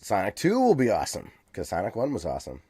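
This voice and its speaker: A man's voice: on the low side, wildly swooping pitch, fast, warm tone, husky, no room sound, studio quality. A man co-hosting a casual podcast, hesitant and full of restarts, growing enthusiastic about things he likes. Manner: hesitant, restarts often, then gets enthusiastic. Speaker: podcast co-host. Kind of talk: casual chat.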